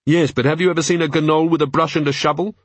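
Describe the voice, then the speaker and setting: A man's voice: a little high, fairly even intonation, fast talker, dry recording, pitched above the performer's own voice, natural voice. A man voicing a sardonic young female watch officer who talks in a dry, sarcastic way.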